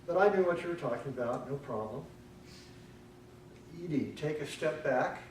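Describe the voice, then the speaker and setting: A man's voice: medium pitch, expressive, slight background noise. Man, grammarian at a club meeting, dry humor, careful diction, heard from far off in a roomy hall. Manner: dry joking, corrective, pronounces words slowly. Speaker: grammarian and ah counter. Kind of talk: meeting speech evaluation. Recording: echoey room from far off.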